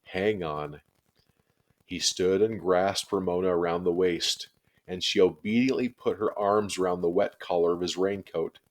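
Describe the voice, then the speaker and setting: Reading a children's chapter book aloud, a man with a very deep, low voice tells the story steadily and expressively. He keeps a moderate pace suited to young listeners.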